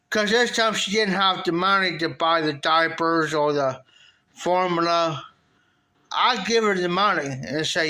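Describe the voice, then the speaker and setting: A middle-aged American man chats live with his viewers in a loose, rambling way, looping back on his phrases. His voice sits high for a man and rings bright and forceful. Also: a little slow. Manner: rambling, repeats phrases, animated when quoting himself. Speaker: live streamer. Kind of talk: casual storytelling to chat.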